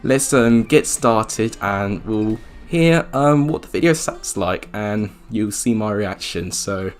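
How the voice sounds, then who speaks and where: A man's voice: expressive, slow pace. A young man around twenty who chats casually while reacting to his old video and pokes fun at himself. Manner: chatty, self-mocking, jumps up in pitch when surprised. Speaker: YouTuber.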